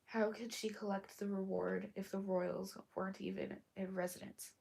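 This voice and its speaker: A woman reading a story aloud while sick and hoarse, coughing between lines and often dropping to a whisper. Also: medium pitch, flat delivery, darkish tone. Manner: slow, halting, often drops to a whisper. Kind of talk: casual live read-aloud with asides.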